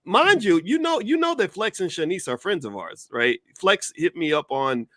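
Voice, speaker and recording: A man's voice: high voice, big pitch swings, normal speed, fairly bright tone, dry recording, clean studio sound. A man talking on a video call as a guest commentator, giving long, opinionated explanations in casual conversation.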